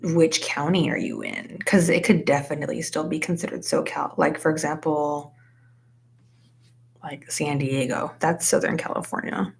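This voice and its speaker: A young woman with a low, gravelly voice talks casually to her live stream viewers as she crochets. She rambles in a relaxed way, full of "like" and "you know", and greets people from the chat by name. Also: normal speed. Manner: chatty, says "like" a lot, reads out chat names.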